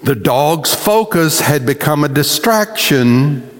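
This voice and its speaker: A man preaching a sermon as pastor, telling stories in an animated, folksy way. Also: a little high, takes it slowly, big-room sound.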